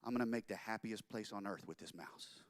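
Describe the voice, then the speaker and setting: A man playing an overexcited young male cartoonist who pitches his idea in a high, shouting, pleading voice. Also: brisk, dry recording, studio quality, close to an everyday voice. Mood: excited. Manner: shouting, breathless, over-the-top pleading.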